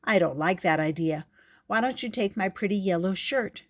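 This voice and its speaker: A woman voicing a quick-witted little boy who bargains cheerfully. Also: mid-range voice, close to an everyday voice. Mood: coaxing.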